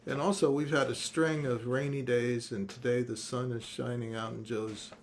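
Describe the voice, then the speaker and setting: A man, a singer-songwriter guest, chatting in a relaxed way before he sings his song, outdoors in a front yard. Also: medium pitch, a little hiss or hum. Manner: slow, relaxed, unhurried talk. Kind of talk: casual chat before singing a song.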